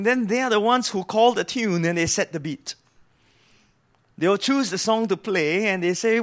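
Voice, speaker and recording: High-voiced male preacher. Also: measured pace, fairly bright tone. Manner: earnest, explanatory, asks the listeners questions. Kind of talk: sermon.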